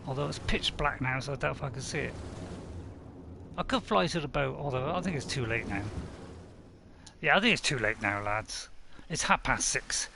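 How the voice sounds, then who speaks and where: A man's voice: mid-range voice, animated, normal speed, gravelly, long pauses, background noise. A man chatting casually to viewers while playing a survival game live, rambling and poking fun at himself. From United Kingdom. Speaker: game streamer. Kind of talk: casual live-stream commentary.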